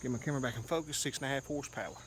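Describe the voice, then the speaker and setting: A man's voice: medium pitch, very fast, fairly bright tone, a little hiss or hum. A man talking to the camera outdoors on a hillside, plainspoken and a bit out of breath, repeating "okay?" to drive his points home. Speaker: lawn care business owner.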